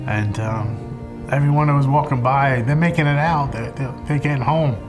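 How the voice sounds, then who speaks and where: A firefighter giving interview testimony, reflective and halting as he speaks. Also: medium pitch. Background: music.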